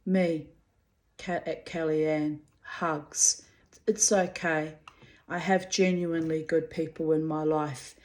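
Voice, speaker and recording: A woman's voice: sits low, little pitch movement, slow, a little mellow. A woman with a New Zealand accent, reading out messages and adding blunt, bitter, profane commentary. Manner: bitter, blunt, swears freely. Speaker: pet owner recounting a dispute.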